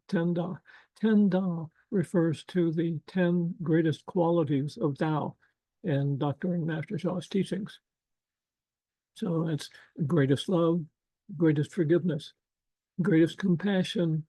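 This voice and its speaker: Slow, soft-spoken older man. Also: a little high, dry recording, rough recording. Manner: slow, gentle, rambling with many fillers. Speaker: workshop presenter. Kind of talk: casual online workshop talk. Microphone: video call.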